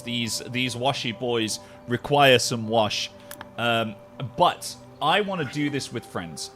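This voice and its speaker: A man chatting casually with his livestream viewers, jet-lagged, animated, swearing freely and laughing often. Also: mid-range voice. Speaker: live streamer.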